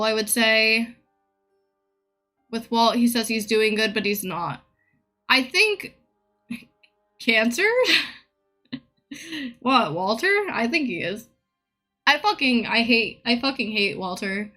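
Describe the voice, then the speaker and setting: Blunt, bright-voiced woman streamer. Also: on the high side, animated, slow pace, long pauses, faint music behind. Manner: blunt, profane and opinionated. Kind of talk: casual live-stream rant.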